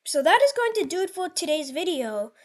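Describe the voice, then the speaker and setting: A woman talks through an imagined history of the world in casual, rambling narration, often restarting her sentences. Her voice sits high, and it leaps up and down animatedly as she goes. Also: big pitch swings, brisk. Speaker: channel host.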